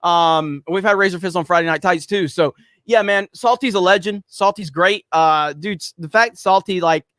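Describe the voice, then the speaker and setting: A man's voice: high voice, moderate pace, sharp tone, dry recording, clean studio sound. A man hosting a casual livestream, rambling with lots of fillers as he reads out viewer messages. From United States. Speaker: livestream host reading super chats.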